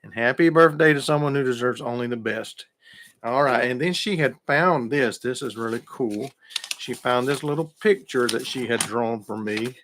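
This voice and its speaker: Middle-aged man, folksy radio host, friendly chat with listeners, mid-pitched voice. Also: normal speed, fairly bright tone, a little hiss or hum.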